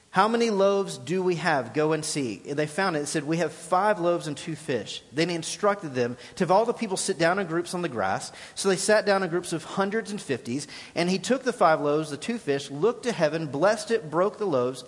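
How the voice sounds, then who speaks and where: A man with a high, bright-pitched voice delivers an animated sermon, acting out scripture passages with shifts in voice. His words ring out with a long reverb from a church sanctuary. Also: slightly rough. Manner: animated preaching, paraphrasing scripture in lively voices. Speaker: pastor.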